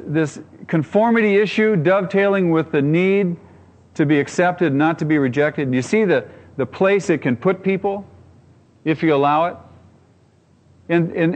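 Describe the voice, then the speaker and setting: A man's voice: high-pitched, big-room sound. A man preaching a sermon as pastor, earnest and emphatic, often repeating his phrases.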